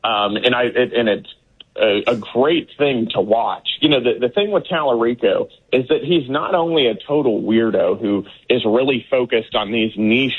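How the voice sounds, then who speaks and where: A man's voice: mid-range voice, normal speed, breathy edge. A man from Texas giving emphatic political commentary as an interview guest, with many fillers and restarts. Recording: tinny phone-line sound.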